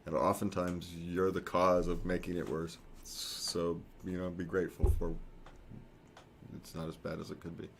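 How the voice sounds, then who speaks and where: A man's voice: deep voice, completely flat delivery, moderate pace, slight background noise. A man co-hosting a casual talk show, rambling and correcting himself, chuckling often. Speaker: podcast co-host. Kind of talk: casual chat.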